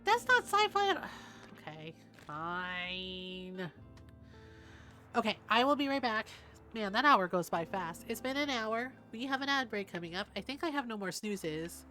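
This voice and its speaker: A woman chats casually while she streams a game, her voice sitting a little high. She tells stories in an animated, unfiltered way, swearing freely and laughing often. Soft game music plays underneath. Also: a little fast.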